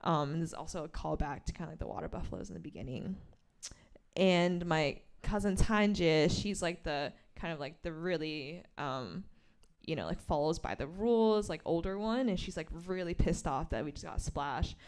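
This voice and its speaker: A woman author reading from her graphic memoir and explaining its pages, a lively storyteller who acts out the quoted lines. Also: low voice, moderate pace, smooth. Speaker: author at a bookstore event.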